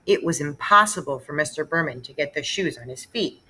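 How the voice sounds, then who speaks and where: Expressive woman reading a children's book. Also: sits low, brisk, slightly rough. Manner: expressive, storytelling. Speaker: read-aloud narrator. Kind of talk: reading a children's novel aloud.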